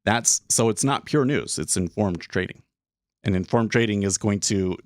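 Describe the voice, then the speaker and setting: A man's voice: low-pitched, moderate pace, no room sound, studio quality. A man hosting a day trading livestream, talking casually and thinking aloud with many restarts, a little out of breath. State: slightly out of breath. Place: small closed room.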